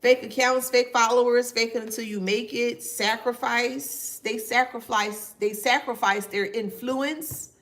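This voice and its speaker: A woman talks slowly and deliberately, stretching her words in casual, sarcastic commentary. Her voice is a little high and bright, and she keeps breaking into amused laughter between points. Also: fairly even intonation. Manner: slow, drawn-out, sarcastic, laughing often. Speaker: spiritual commentator.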